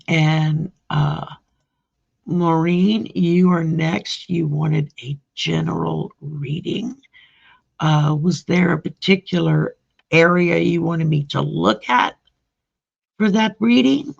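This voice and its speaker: Gravelly, husky woman reading cards. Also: deep voice. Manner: slow, chatty, greets viewers by name. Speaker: tarot reader. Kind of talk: live-streamed card reading. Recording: dull lo-fi sound.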